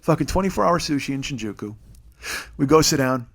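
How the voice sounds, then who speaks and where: Podcast host in his forties, animated and sarcastic profane storyteller, slightly high voice. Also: brisk. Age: 40s.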